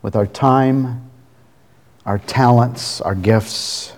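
A man's voice: mid-range voice, unhurried, long pauses. A male pastor giving a sermon, telling stories in a folksy way and closing in prayer. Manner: folksy storytelling, ending in a soft prayer. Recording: long reverb of a large hall.

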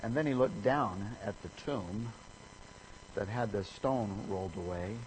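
A man preaching a sermon, telling a story in an animated way and acting out the people in it with sudden rises in pitch and volume. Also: a little slow, a little hiss or hum, rough recording.

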